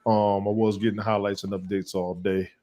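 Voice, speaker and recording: A man with a fairly low voice hosts a casual sports chat over an online call. He sounds laid-back and slangy, and he often repeats a word a few times before a sentence gets going. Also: little pitch movement, fairly quick, dark tone. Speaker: podcast host.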